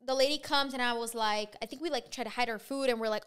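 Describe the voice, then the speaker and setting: Podcast host: high, bright woman, rapid-fire profane storytelling. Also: smooth. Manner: fast, profane, animated storytelling. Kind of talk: casual storytelling chat.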